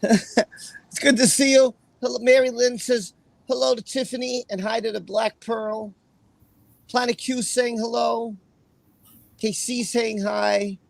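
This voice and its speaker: Casual livestream host, man, high voice with gravel, dry close sound, chatty, greets viewers. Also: steady tone, measured pace, long pauses, no echo.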